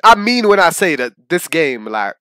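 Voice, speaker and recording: A young man hosting a casual reaction video, slangy and excitable, often breaking into shouts and laughter. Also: fairly high pitch, normal speed, smooth, dry recording. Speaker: YouTube reaction host.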